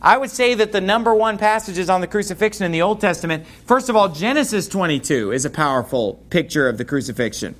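A man's voice: high voice, expressive, quick pace, few pauses, a bit bright. A man preaching as a pastor, reading scripture aloud and then expounding on it with rising intensity. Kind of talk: sermon.

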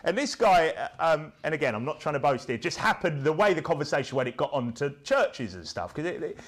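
A man's voice: on the high side, big pitch swings, fairly quick. A man preaching a sermon, punchy and rhetorical, who keeps checking in with the congregation through tag questions.

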